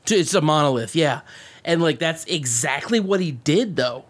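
A man co-hosting a podcast, chatting casually and excitedly about a movie, swearing and rambling with many restarts. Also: a little high, normal speed. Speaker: podcast co-host.

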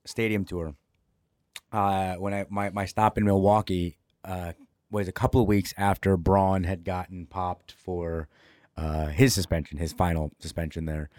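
A man with a low voice co-hosts a podcast and spins an anecdote with lots of energy. He keeps it casual and sometimes acts out the people in his story. The sound is dry and close. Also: little pitch movement, unhurried, darkish tone, no room sound. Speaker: podcast co-host.

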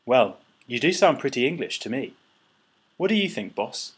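A man's voice: mid-range voice, very animated, moderate pace, slightly rough. A man voicing a scruffy, mangy male seagull henchman who squawks. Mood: sly.

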